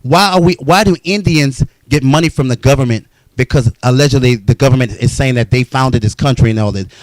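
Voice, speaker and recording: A man's voice: medium pitch, fairly quick, no echo, low-quality recording. A man telling his own life story in a blunt, profane, heated monologue.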